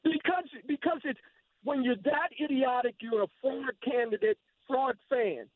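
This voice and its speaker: A man with a very high voice calls in over a tinny phone line. He is hostile and insulting, repeating his demands. The sound is dry. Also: moderate pace, dry recording. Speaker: caller. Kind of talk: heated call-in rant.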